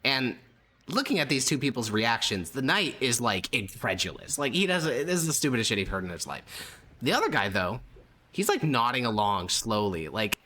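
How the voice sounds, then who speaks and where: A man narrating as game master for a tabletop campaign, relaxed and full of "uh" fillers. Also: mid-range voice, moderate pace, slight background noise.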